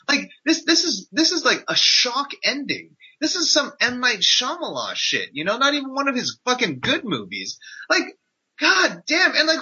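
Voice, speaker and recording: A man's voice: high-pitched, bright, forceful tone, slightly rough. A man co-hosting a podcast, ranting with lots of swearing and sarcastic mock quotes. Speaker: podcast co-host. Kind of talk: casual podcast rant. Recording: dull lo-fi podcast audio.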